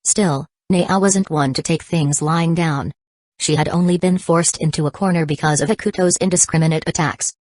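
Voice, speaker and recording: A woman narrating an audiobook in a low voice. Her reading is even and unhurried, with uneven pauses. The sound is dry and close. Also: no room sound.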